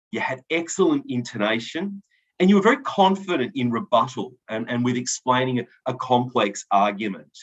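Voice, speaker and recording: A man of middle pitch giving feedback as a debate adjudicator, encouraging and a little halting with many ums. The recording sounds dull and lo-fi. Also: a bit bright. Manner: encouraging, with frequent ums and restarts. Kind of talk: spoken feedback and results announcement. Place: event hall.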